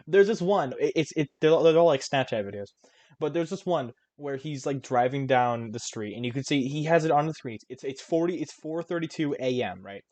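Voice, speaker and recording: Lively young man with a dry sound. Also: medium pitch, no echo. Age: young adult. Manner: animated storyteller who laughs often and trips over words. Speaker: podcast co-host. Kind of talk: casual chat.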